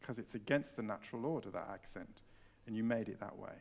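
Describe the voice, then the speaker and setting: A man leading a piano masterclass on a concert hall stage, coaching a student with expressive enthusiasm. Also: on the low side, quick pace, gravelly. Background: piano playing.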